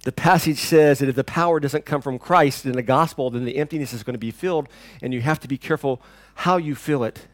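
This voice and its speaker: A pastor delivering a sermon, swinging between loud declarations and quiet, intense passages. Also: male voice, mid-range voice, fairly quick, few pauses, no echo, studio quality.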